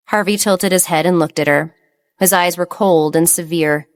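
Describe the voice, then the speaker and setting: A woman's voice: sits low, little pitch movement, normal speed, smooth. Woman narrating a romance audiobook. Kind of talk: scripted narration.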